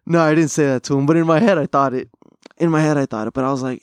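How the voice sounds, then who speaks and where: A man's voice: fairly high pitch, fairly even intonation, fast, clear, resonant tone, no room sound. Podcast host, man, slangy and profane, dry close sound, casual storyteller. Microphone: studio mic.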